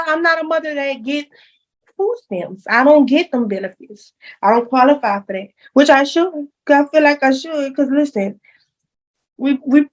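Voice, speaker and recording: Animated woman telling a story. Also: a little high, rough recording. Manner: animated, acts out phone calls, addresses listeners as y'all. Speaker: podcast host. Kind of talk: casual storytelling to listeners.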